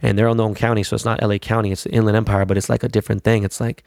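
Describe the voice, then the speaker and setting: A man's voice: lowish voice, little pitch movement, racing, creaky, darkish tone, no echo, clean studio sound. A man chatting casually about his weekend in a slangy, profane, rambling way. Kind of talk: casual chat.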